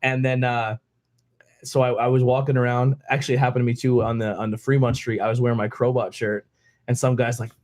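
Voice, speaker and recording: A man from Pennsylvania hosting a beer podcast, telling stories in a relaxed, animated way and acting out the people in them. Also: medium pitch, brisk. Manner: animated, quotes people in raised voices, laughs often. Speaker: podcast host. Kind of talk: casual storytelling chat.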